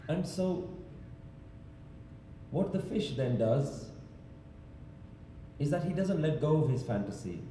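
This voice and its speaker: A man with a very dark, mellow voice preaches in a large temple hall, telling a parable and asking his listeners rhetorical questions. He sounds distant from the mic, and his voice booms through a long, echoing reverb with a faint hiss underneath. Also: big pitch swings, takes it slowly, pauses often. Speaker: religious speaker. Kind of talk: sermon-style talk.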